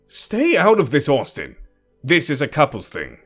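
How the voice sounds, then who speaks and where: A man's voice: mid-range voice, sing-song, normal speed, faint music behind, pitched above the performer's own voice. A man voicing a defensive young man arguing with his partner in an audio story. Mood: snapping. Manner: defensive, sharp.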